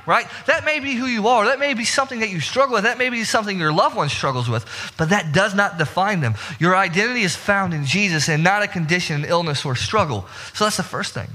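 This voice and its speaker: A man's voice: fairly high pitch, sharp tone. A man preaching a sermon in an earnest way, often repeating words and restarting his sentences. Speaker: pastor. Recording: long hall reverb.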